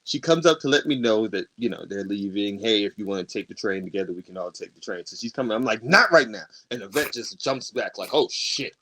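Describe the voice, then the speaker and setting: A man's voice: fairly low pitch, quick pace, hardly any pauses, fairly bright tone. A man co-hosting a podcast, telling a long personal story in casual chat, acting out the arguments and laughing often. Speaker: podcast co-host.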